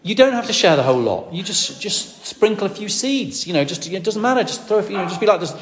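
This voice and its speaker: A man's voice: high-pitched, expressive, quick pace. A man from northwest England, an evangelist teaching in a rambling storytelling way with many restarts. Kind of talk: sermon teaching. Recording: echoey hall.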